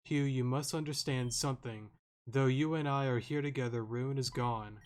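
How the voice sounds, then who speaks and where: A man reading aloud the lines of a remorseful young woman detective in a game, slow and earnest. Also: medium pitch, steady tone, natural voice. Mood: solemn.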